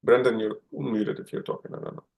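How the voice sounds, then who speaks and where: A man's voice: mid-range voice, fairly even intonation, a little fast, vocal fry, darkish tone. A middle-aged man teaching an online class, asking the students questions and often checking in with "right?". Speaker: instructor.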